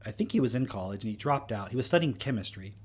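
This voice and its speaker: A man's voice: fairly low pitch, expressive, fast talker, slightly rough. A young man hosting a livestream, talking in a casual, rambling way with lots of fillers and self-corrections. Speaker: livestream host.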